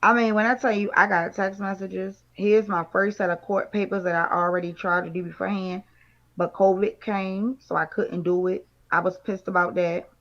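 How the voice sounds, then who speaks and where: A woman's voice: mid-range voice, fairly even intonation, moderate pace, fairly bright tone, lo-fi sound. A woman co-hosting a casual chat show, venting indignantly about her troubles. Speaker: podcast co-host.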